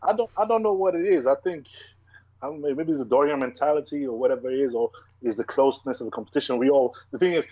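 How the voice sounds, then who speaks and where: Young male bodybuilder guest, husky voice, rapid emphatic delivery, dull lo-fi recording. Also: medium pitch, warm tone, dry recording. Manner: fast, driven and emphatic, with many restarts. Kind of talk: casual interview chat.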